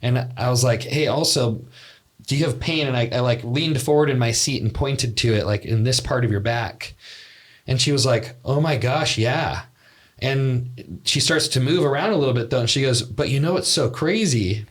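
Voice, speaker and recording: A man's voice: medium pitch, normal speed. A young man co-hosting a podcast, telling a story in a loose, rambling way with lots of fillers. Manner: rambling, filler-heavy, laughs at own story. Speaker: podcast co-host. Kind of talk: casual storytelling chat.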